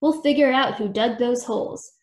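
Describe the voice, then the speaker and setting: A bossy, excitable gothic mouse lady, voiced by a woman reading aloud, high and dramatic in every line. She exclaims and scolds with flair, and the sound rings in an echoey room. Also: moderate pace, lightly acted.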